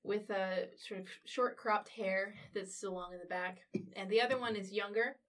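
A woman's voice: medium pitch, fairly even intonation, normal speed, far from the mic. A woman acting as game master, describing scenes in a conversational, slightly hesitant way and now and then dropping into character voices. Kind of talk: narrating and voicing characters in a tabletop game.

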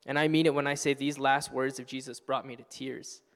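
A man preaching a sermon as pastor, earnest and passionate, building to loud exclamations. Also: medium pitch, little pitch movement, brisk, in a large hall. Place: church sanctuary.

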